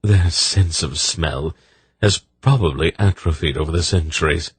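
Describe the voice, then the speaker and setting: Audiobook: wry spy, narrator-voiced, low husky voice, dry. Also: male voice, a little slow, no room sound, full character voice.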